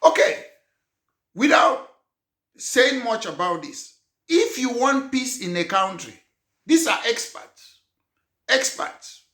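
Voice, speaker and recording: Emphatic high-voiced man. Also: sing-song, takes it slowly, a bit bright. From Cameroon. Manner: emphatic, repetitive, poses rhetorical questions. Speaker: political party leader. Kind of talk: political address to an audience. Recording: roomy echo.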